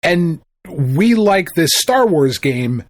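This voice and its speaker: A man's voice: a little high, very animated, slow, dry recording, studio quality. A man co-hosting a podcast in laid-back casual chat. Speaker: podcast co-host.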